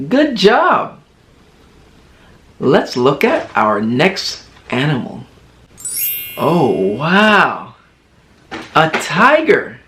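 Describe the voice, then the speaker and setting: Man, kids' teacher, very slow, bouncy lively pitch, encouraging toddler talk. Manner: slow, exaggerated, encouraging sing-song for toddlers; playfully imitates animal sounds. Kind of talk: children's educational video.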